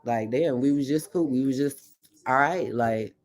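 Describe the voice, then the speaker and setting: A woman's voice: rumbling low, unhurried. A woman in casual conversation, telling her own story bluntly, with heavy swearing and acted-out quotes. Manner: blunt, heavily profane storytelling; animated, acts out quoted lines. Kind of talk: casual chat.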